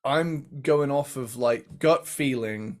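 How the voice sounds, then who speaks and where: A man co-hosting a casual music ranking talk show, laid-back and quick to laugh, with lots of filler words. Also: mid-range voice, darkish tone. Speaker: podcast co-host.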